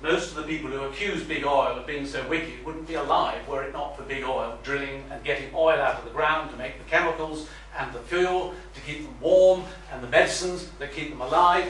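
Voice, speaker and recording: A man's voice: a little high, moderate pace, hardly any pauses, fairly bright tone, slight background noise. An older man, a retired minister, giving an earnest public talk with wry asides. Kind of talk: public lecture to a meeting. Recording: echoey room, voice from far off.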